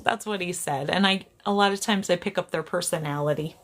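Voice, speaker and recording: A woman's voice: lowish voice, fairly quick, a bit bright. A woman psychic medium chatting casually on a livestream. She laughs often, keeps apologizing and gets easily sidetracked, speaking to a camera on a tripod.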